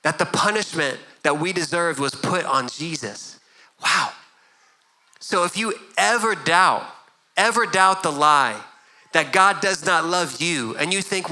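A man's voice: sits high, animated, moderate pace, pushed and bright, poor audio. A middle-aged man preaching a sermon as a pastor, earnest and conversational, often repeating words as he goes.

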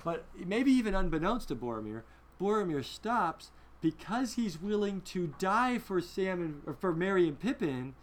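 A man leading a film discussion in a lively, emphatic teaching style, often asking his listeners rhetorical questions. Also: high voice, moderate pace. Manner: emphatic, conversational.

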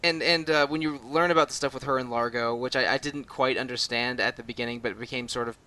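Man, podcast co-host, casual game talk, bright tone, hesitant, repeats words. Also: medium pitch, steady tone, fast.

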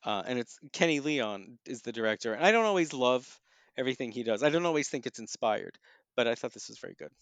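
Thoughtful male critic with a smooth voice. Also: medium pitch, lively intonation, fast talker, dry recording. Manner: thoughtful, with frequent ums and restarts. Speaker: theater and film critic. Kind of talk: casual review chat.

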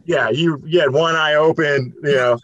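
A man telling a lively anecdote in casual chat, laughing and acting out what others said. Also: a little high, normal speed, lo-fi sound. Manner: animated, laughing, quotes others in voices.

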